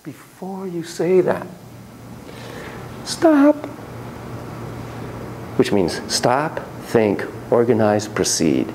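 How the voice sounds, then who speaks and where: Lively, theatrical male lecturer. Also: mid-range voice, takes it slowly, few pauses, slight background noise, low-quality recording. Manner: theatrical, acts out quotes and monkey shrieks, jokey asides. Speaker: psychotherapist lecturing a class. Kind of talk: animated classroom lecture.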